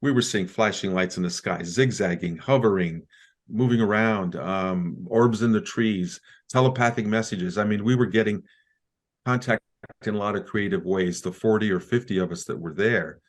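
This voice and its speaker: Low-voiced man recounting casually. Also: moderate pace. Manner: relaxed, chatty, with fillers and small jokes. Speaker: interview guest, community founder. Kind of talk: conversational recounting. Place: bedroom at home.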